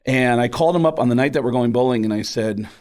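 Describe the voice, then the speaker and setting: Man telling a lively story. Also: quick pace. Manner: animated storyteller, jumps into high excited voices for quoted people. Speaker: comedian guest. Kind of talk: casual storytelling interview.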